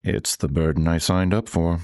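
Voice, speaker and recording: A man voicing Baby New Year, a newborn with a grown man's calm, matter-of-fact American voice. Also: sits low, moderate pace, clear, resonant tone, no echo, studio quality, close to an everyday voice. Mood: earnest. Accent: General American.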